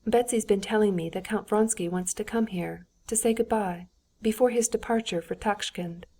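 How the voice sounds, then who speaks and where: A woman voicing an agitated young aristocratic wife who speaks in an excited, hurried, insistent way, in an audiobook. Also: medium pitch, lightly acted.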